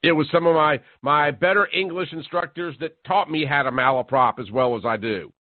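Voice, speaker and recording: A man's voice: on the high side, moderate pace, no room sound. A male radio talk show host delivering a sarcastic, mocking monologue that builds to incredulous outbursts. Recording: tinny phone-like dry sound.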